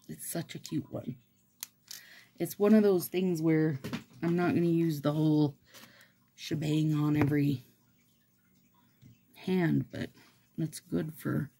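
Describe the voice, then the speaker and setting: A woman vlogger chats casually while she does a manicure. Her voice is slow and mellow, with a gravelly, husky texture. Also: deep voice, steady tone, a little hiss or hum. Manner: rambling, chatty, laughs often.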